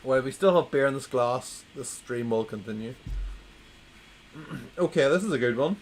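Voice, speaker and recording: A man's voice: mid-range voice, expressive, moderate pace, slight background noise, low-quality recording. A man hosting a casual livestream, reading groan-worthy jokes to his chat and repeating the punchlines when no one answers. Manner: wry, plays to a quiet chat, repeats punchlines. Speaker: livestream host.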